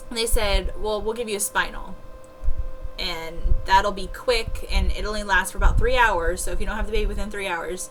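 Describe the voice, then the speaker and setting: Chatty young woman with a bright voice. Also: medium pitch, steady tone, moderate pace, slight background noise, rough recording. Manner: chatty, laughs often, frequent "like" fillers. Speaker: new mother telling her birth story. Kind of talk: casual vlog storytelling.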